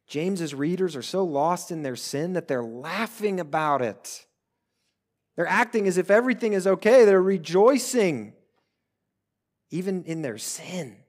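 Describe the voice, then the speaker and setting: Male preacher, earnest sermon, unhurried and measured, voice pitched high. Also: expressive. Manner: earnest preaching, swells loud then drops to hushed pleas. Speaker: pastor.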